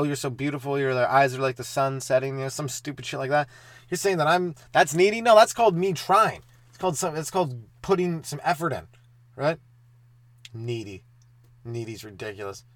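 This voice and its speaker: A young man hosting a solo stand-up comedy podcast, talking in a loose, rambling, profane way with quick asides. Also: mid-range voice, a bit bright, dry recording.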